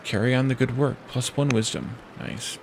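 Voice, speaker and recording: Male streamer, gravelly mid-pitched voice, casual, hesitant play-by-play. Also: steady tone, background noise. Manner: thinks aloud, reads game event text; hesitant, with pauses and restarts. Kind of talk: casual let's-play commentary.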